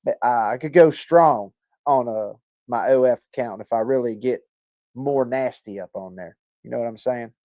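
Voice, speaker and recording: A man's voice: medium pitch, normal speed, a little mellow, dry recording. Crude, laid-back male stream host. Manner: crude, joking, swears a lot. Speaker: livestream host. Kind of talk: casual chat reading viewer comments.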